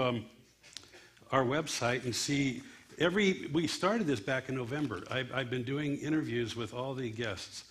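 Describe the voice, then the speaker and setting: A man's voice: medium pitch, a little slow, fairly bright tone. A man hosting a comedy night, making loose, rambling announcements to the audience. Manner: loose, rambling, with fillers and restarts. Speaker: event host. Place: church comedy venue on stage.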